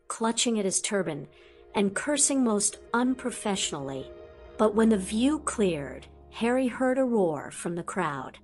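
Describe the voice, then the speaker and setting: A woman reading a fantasy audiobook aloud in a lively storytelling manner. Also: medium pitch. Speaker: audiobook narrator. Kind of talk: scripted audiobook narration.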